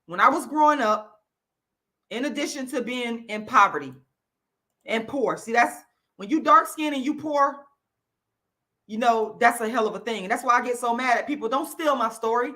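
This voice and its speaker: Woman vlogger, fiery profane rant, bright and forceful tone, higher-pitched voice. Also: normal speed. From Florida, US. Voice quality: loud, profane, repetitive emphatic delivery. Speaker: YouTube channel host. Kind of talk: angry direct-to-camera rant.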